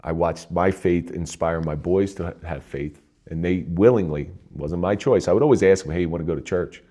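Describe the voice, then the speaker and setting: A man's voice: a little fast, warm tone. A middle-aged man from New Jersey, a retired police officer, telling his personal story in an earnest, conversational way as an interview guest. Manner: earnest, conversational, with frequent restarts and emotional pitch swings.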